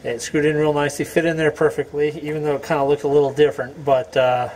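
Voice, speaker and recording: A man's voice: on the high side, little pitch movement, quick pace, darkish tone, a little hiss or hum. A man hosting a homestead channel, talking viewers through a car repair in his garage in a chatty, self-mocking way while he works. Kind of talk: casual DIY repair tutorial. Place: home garage beside a car.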